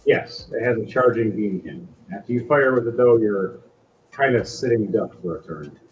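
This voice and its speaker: Male game master narrating a tabletop game casually, slightly dull recording with soft music. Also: on the low side, moderate pace. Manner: loose, casual, with frequent fillers.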